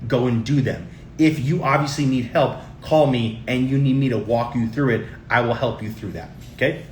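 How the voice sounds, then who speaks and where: A man's voice: medium pitch, roomy sound, a little hiss or hum. A middle-aged man hosting a tax tips show, talking casually and emphatically to viewers and repeating his points. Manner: emphatic and repetitive, often addresses viewers as guys. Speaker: show host giving tax and investing tips. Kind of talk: casual talk to camera.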